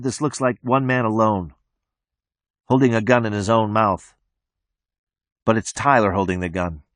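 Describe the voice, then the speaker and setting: A man narrating an audiobook in the first person, with a flat, detached delivery. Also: mid-range voice, no echo, clean studio sound.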